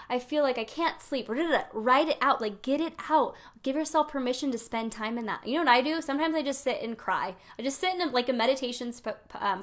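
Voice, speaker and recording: A woman hosting a live weekly card pull, chatting and coaching her viewers in a bubbly, encouraging way and laughing often. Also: a little high. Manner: encouraging, speaks directly to viewers. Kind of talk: live-streamed casual spiritual coaching.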